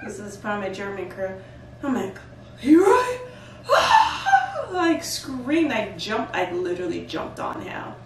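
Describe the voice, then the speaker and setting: Woman host recounting a trip with lively, playful delivery; echoey room, distant mic. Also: medium pitch, normal speed, gravelly, a little hiss or hum. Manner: animated, playful storytelling with bursts of laughter. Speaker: vlog host. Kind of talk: casual chat.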